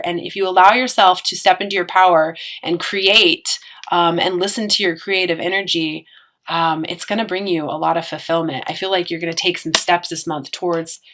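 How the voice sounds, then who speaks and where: A woman's voice: fairly low pitch, a bit bright. Earnest woman giving a tarot reading. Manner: earnest, encouraging, many fillers and restarts. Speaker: tarot reader.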